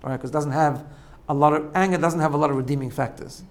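Man teaching with a slightly high voice. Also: fairly even intonation, fast talker. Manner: explanatory, repeats phrases, frequent tag "right?". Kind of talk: spoken lesson on self-growth.

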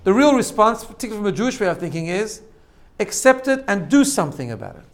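A man's voice: high-pitched, big pitch swings, fast talker. A man giving a conversational, sermon-style talk to a congregation, often asking "right?" and restarting his sentences. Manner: conversational, asks rhetorical "right?", self-corrects and restarts.

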